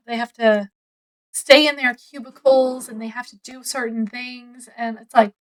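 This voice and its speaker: A woman casually retelling a mystery novel's plot in a book review, rambling and full of fillers, often trailing off quietly. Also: high-pitched, low-quality recording. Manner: rambling, retells scenes with quoted voices; lots of fillers, trailing off softly.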